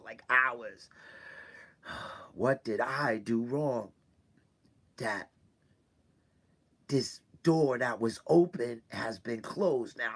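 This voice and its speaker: A man talking to his regular viewers, hurt and close to tears, halting and repeating himself between sighs. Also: medium pitch, husky. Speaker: weekly video host. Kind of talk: personal confessional talk. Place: indoors in a room.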